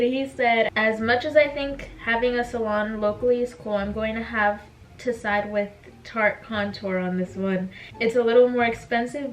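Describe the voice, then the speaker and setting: Young female beauty vlogger, bright bubbly chatter, giggles often, pitched a bit high. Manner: giggly, bubbly, lots of "like" fillers. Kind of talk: casual makeup vlog chat.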